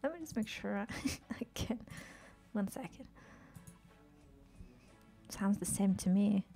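A woman's voice: mid-range voice, expressive, slow, creaky, dark tone, faint music behind. A woman chatting casually while streaming a game, swearing freely, talking to game characters and often dropping to a whisper. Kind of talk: casual live-stream chat while gaming.

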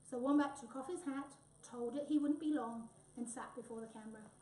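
A woman's voice: high-pitched, a little fast. Woman reading a storybook aloud. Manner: expressive, lively reading. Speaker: reader. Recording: echoey room, voice from far off.

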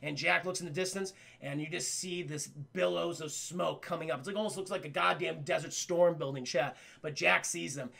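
Streamer excitable à la voix aiguë et rocailleuse. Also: male voice, fairly high pitch, moderate pace, gravelly, few pauses. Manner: rambling, excitable, swears, addresses chat. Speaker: streamer reviewing a cartoon. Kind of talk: casual profane scene recap.

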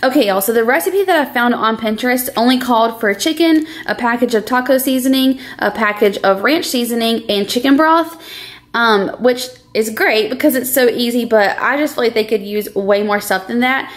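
This young woman's voice is fairly high and her speed is normal. She's a chatty cooking vlogger who talks casually to "y'all" while making food in her home kitchen.

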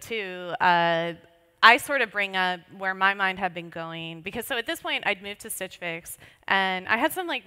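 A woman's voice: mid-range voice, bright, forceful tone, clear, resonant tone. A woman co-hosting a podcast, chatty and upbeat, with lots of "like" fillers. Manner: chatty and upbeat, laughs often, many "like" fillers. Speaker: podcast co-host. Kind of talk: casual podcast chat. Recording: long reverb.

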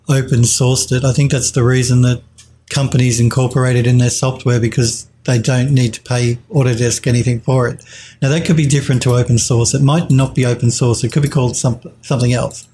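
A man's voice: mid-range voice, dark tone, slight background noise. A man streaming a live 3D modelling tutorial, thinking aloud as he works, hesitating and correcting himself while he answers chat.

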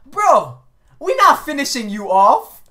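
A woman hosting a casual anime reaction video, excitable and slangy, talking back at the screen with frequent exclamations and laughter. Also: high voice, slow pace. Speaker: reaction channel host.

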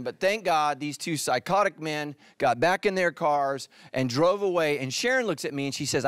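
A middle-aged pastor from California preaching a sermon, telling jokes and then dropping to a quiet, earnest tone. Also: male voice, fairly high pitch, expressive, normal speed, few pauses. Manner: joking storyteller, drops to a quiet earnest tone.

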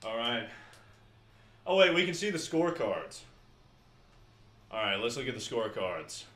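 A young man livestreams a game, chatting casually with his viewers between rounds and swearing freely. His mid-range voice is very animated, moderately paced and fairly bright, and the recording has a roomy echo.

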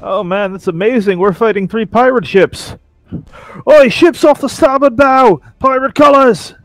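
A man's voice: very high-pitched, moderate pace, a bit bright, no echo. A man giving casual, comedic game commentary with sarcastic, joking asides. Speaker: Let's Play commentator.

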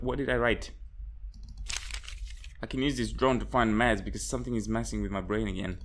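A man's voice: mid-range voice, moderate pace, pauses often. A young man hosting a horror game let's play, reading notes aloud and yelping and swearing when startled. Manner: jumpy and excitable, yelps and swears when startled. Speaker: gaming channel host.

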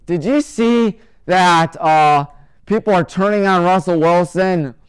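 A male sports talk show host with a high-pitched, clean voice speaks slowly as he rattles off his weekly game picks. He's joking and opinionated, tossing mocking nicknames at teams.

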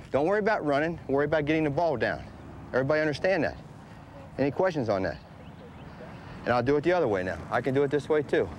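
A man's voice: mid-range voice, a little hiss or hum. A man coaching children through bunting drills outdoors, patient and repetitive as he demonstrates. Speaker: baseball coach. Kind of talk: outdoor bunting instruction to kids. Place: outdoor ball field.

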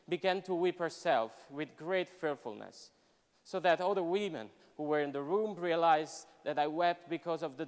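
A man, a professor, giving a solemn, measured, expressive dramatic reading in a university hall. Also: medium pitch, clear, resonant tone. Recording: long hall reverb at a live event.

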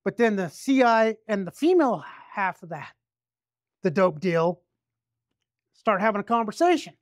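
A man's voice: high voice, lively intonation, normal speed, no echo, clean studio sound. A man detective telling a story casually, rambling, restarting often and swearing freely. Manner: rambling, with frequent restarts and profanity.

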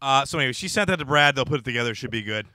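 Lively bright-voiced male podcast host. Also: mid-range voice, very fast, no room sound. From United States. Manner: laughing, joking banter. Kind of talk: casual comedy podcast chat.

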